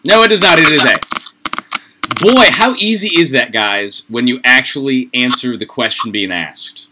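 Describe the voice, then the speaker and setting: A man's voice: medium pitch, expressive. A man tutoring students for the SAT over a video call, coaching them through answers in an upbeat, chatty way. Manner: upbeat, coaching, quick asides and laughs. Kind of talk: online tutoring session. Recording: noisy online call audio.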